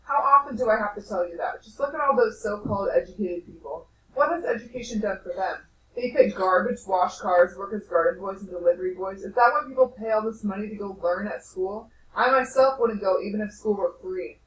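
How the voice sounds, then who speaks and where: A woman's voice: mid-range voice, brisk, few pauses, close to an everyday voice. A woman teacher reading aloud to a class, voicing a stern, sarcastic father who talks emphatically. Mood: scolding. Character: stern stingy working-class father, gruff. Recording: distant echoey classroom, faint noise.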